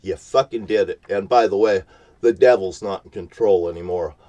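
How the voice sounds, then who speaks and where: A man's voice: low voice, moderate pace, warm tone. A man ranting at the camera from his parked vehicle in a profane, threatening, preachy tone. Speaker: vlogger.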